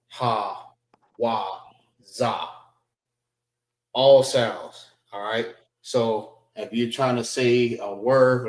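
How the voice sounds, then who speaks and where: Male instructor, mid pitch, unhurried and repetitive, recorded in an echoey room. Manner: slow, repetitive, spells out sounds one by one. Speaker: class teacher. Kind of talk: classroom language lesson. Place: library meeting room.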